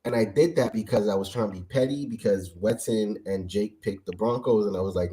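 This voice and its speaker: A man's voice: fairly low pitch, a little fast, few pauses, mellow. A man co-hosting a casual sports talk show, joking as he pushes the show along over a home mic. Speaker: co-host.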